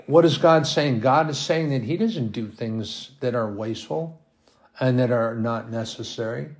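A man's voice: medium pitch, a little slow, a little mellow. A man preaching a sermon at home, reading scripture aloud and asking emphatic rhetorical questions. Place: at home with his dogs.

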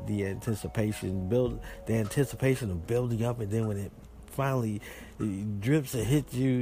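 Gravelly laid-back joking man. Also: lowish voice, warm tone. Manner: laid-back, playful storytelling with slang. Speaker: podcast host answering voice messages. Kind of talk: casual joking chat.

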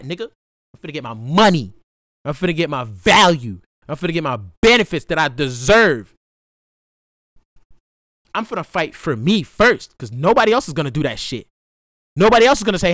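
Lively, bright-voiced young man venting. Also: fairly high pitch, moderate pace, long pauses, no echo, studio quality. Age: young adult. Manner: profane, swinging from hushed to loud outbursts. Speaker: podcast host. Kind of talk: raw solo podcast monologue.

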